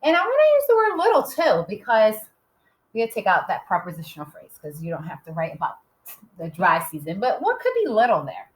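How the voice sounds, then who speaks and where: A woman kindergarten teacher giving a recorded writing lesson, slowly sounding out words and spelling them letter by letter in a patient, encouraging way. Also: medium pitch, huge pitch swings, poor audio. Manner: patient and encouraging, often checks with "okay?".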